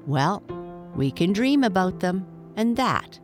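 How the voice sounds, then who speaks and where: A woman reading a bedtime storybook and voicing a gentle groundhog and his wife, soft and sighing. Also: lowish voice, very animated, slow pace, over music. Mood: wistful. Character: gentle wistful groundhog couple.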